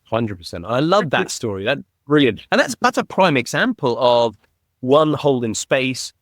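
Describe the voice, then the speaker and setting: A man's voice: medium pitch, big pitch swings, normal speed, no room sound, clean studio sound. A man hosting a podcast, chatting casually and praising his guest with enthusiasm. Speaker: podcast host. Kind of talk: casual interview chat.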